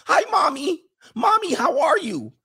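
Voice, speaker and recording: A man's voice: extremely high pitch, wildly swooping pitch, a little slow, pushed and bright, pitched above the performer's own voice, full character voice. A man voicing a whiny grown man who acts like a little boy tattling to his mother.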